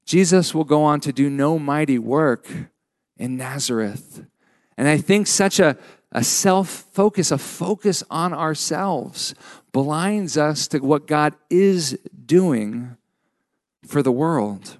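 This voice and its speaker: A man preaching a sermon as a pastor, measured and emphatic with frequent pauses. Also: fairly high pitch, dry recording, clean studio sound.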